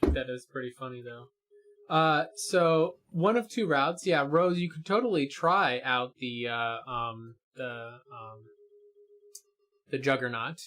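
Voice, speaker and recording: A man's voice: medium pitch, takes it slowly, a bit bright, slight background noise. A man co-hosting a gaming stream in casual chat, explaining character builds with many fillers and restarts.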